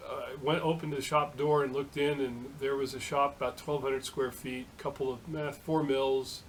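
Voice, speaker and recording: A middle-aged man talks through a casual vlog story at an ordinary pitch, halting often and filling gaps with "uh." He sounds like a home shop machinist chatting to the camera. A faint hiss sits behind his voice. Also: little pitch movement, poor audio. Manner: halting, full of uh fillers and restarts.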